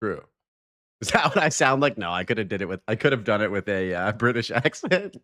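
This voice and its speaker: A man's voice: fairly low pitch, expressive, fast talker, pushed and bright. A man hosting a live stream, chatting casually, greeting viewers and joking.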